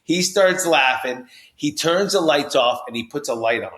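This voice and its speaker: A man from New Jersey, a podcast guest, telling his story with high energy, lots of restarts and "you know"s. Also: lively intonation, moderate pace, fairly bright tone. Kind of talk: animated storytelling in conversation. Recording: roomy echo.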